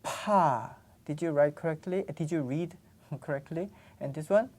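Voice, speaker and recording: A woman's voice: low voice, normal speed, darkish tone. A woman teaching pronunciation, patiently repeating each sound for learners. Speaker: Korean language teacher. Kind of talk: pronunciation lesson.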